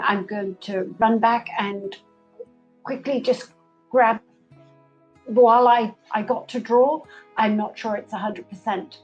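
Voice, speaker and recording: Slow-talking woman on a dull mic. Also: on the high side, fairly even intonation, a little mellow, soft background music. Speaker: player. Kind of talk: playing a tabletop game.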